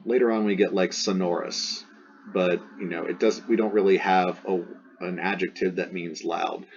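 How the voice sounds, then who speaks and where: A man with a low, husky voice walks through a Latin passage in a relaxed teaching manner. He thinks aloud and weighs several renderings for each word. The recording sounds dull and lo-fi. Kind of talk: casual recorded Latin translation lesson.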